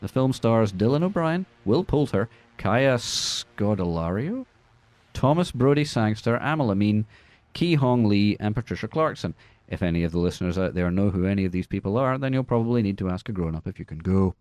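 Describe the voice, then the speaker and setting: A man hosting a radio movie show, reading the news with sarcastic, deadpan jokes. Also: on the low side, a little fast, no room sound, soft background music. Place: radio studio.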